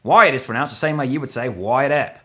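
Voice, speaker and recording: A man's voice: mid-range voice, a little fast, bright, forceful tone, natural voice. A man reading a listener's letter aloud in a playful put-on Australian accent. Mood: jokey.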